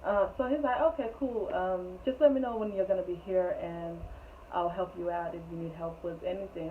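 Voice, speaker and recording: A woman's voice: lowish voice, a little fast. Young woman telling a story, tinny sound. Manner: chatty, rambling, laughs often. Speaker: storytelling vlogger. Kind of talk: casual storytime. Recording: tinny phone-like sound with faint noise.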